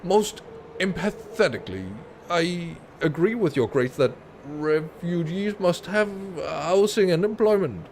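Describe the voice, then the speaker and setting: A man reading aloud as a pompous older male noble, speaking slowly and grandly. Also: on the high side, lively intonation, slight background noise, voice pushed up.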